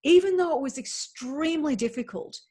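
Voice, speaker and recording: A woman's voice: sits high, normal speed, a little mellow. Chatty Australian woman podcast host. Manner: open, chatty, many "like" and "right?". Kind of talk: candid motivational monologue.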